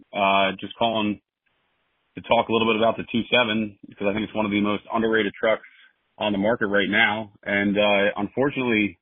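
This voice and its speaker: Low husky caller on a phone line. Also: male voice, no room sound. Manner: relaxed, friendly rambling. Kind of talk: voicemail. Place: outdoors in a driveway. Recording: tinny phone-line voicemail.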